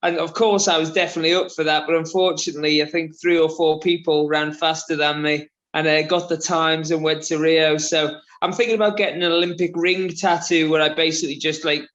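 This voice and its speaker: A man from Liverpool in his thirties with a mixed, softened Scouse accent, chatting casually in an interview with lots of fillers and restarts. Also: fairly high pitch, fairly even intonation, normal speed, dull audio. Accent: mixed Liverpool, southern English and Australian. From England, Liverpool. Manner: rambling, many fillers and restarts, laughs often. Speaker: interview guest, runner.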